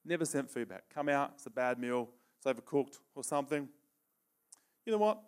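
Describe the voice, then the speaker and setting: A man's voice: mid-range voice, fairly even intonation, brisk, clean tone. Conversational male preacher. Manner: conversational, asks "okay?" often, laughs between points. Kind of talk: sermon with live demonstration.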